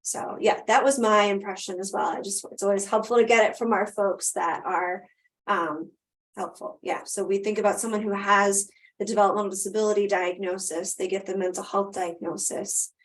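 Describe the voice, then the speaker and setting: A woman's voice: mid-range voice, fairly even intonation, moderate pace. A woman presenting a live webinar over a video call, answering questions and wrapping up in a conversational way with frequent ums.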